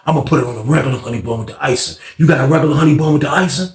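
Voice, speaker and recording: A man putting on a big, hungry prison guard who talks in a low, lazy drawl and bargains like it is nothing. The voice drops well below the storyteller's own and sounds out in a roomy, echoey space. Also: rapid-fire, lightly acted. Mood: pleading. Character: big hungry male prison guard, laid-back schemer. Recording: roomy echo.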